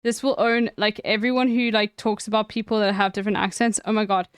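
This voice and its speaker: Giggly young woman, smooth dry voice. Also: medium pitch, a little fast, no echo. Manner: excitable, giggly, sweary. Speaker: streamer reacting to clips. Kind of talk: casual react stream chat.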